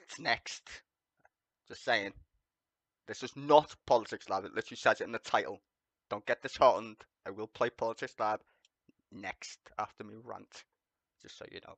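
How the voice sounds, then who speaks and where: With a fairly bright voice on the low side, a livestream host delivers profane, sarcastic ranting commentary at a moderate pace, pausing often. He swears constantly and laughs at his own jokes, and there is no echo.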